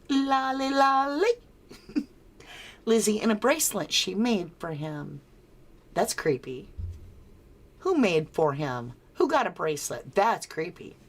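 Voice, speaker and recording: An American woman hosting a casual true crime livestream, reading viewer comments aloud and answering them with frequent chuckles. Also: on the low side. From United States.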